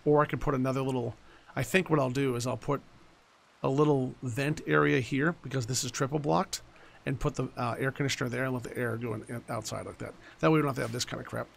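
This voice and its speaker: Gravelly-voiced man, forties, let's-play commentator, blunt and profane, faint hiss behind. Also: mid-range voice, fairly even intonation, fast talker. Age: 40s. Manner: blunt, swears freely, rambling asides. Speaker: gaming YouTuber.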